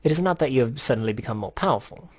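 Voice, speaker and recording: A man voicing a calm, formal male strategist who explains things in a measured way. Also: medium pitch, breathy edge.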